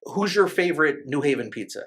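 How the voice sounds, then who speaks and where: A man's voice: fairly high pitch, lively intonation, quick pace, fairly bright tone, husky. A man, a lawyer who hosts the podcast, asking rambling and friendly questions with restarts in a casual studio conversation.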